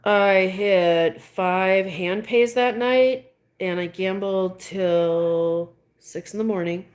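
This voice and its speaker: Taking it slowly in a medium-pitched, slightly mellow voice, a middle-aged woman streamer tells viewers a rambling story. She keeps restarting and laughs between phrases in this casual chat.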